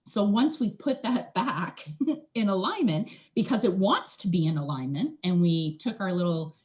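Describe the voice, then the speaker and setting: A Canadian energy healer, appearing as an interview guest, explains things in a chatty, casual manner at normal speed with a medium-pitched voice. She often tags her sentences with "right?" and throws in animated asides.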